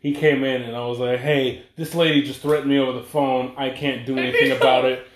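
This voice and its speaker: A man's voice: medium pitch, flat delivery, brisk. A young man in casual podcast chat, telling a profane story and acting out the people in it. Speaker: podcast co-host. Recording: echoey room.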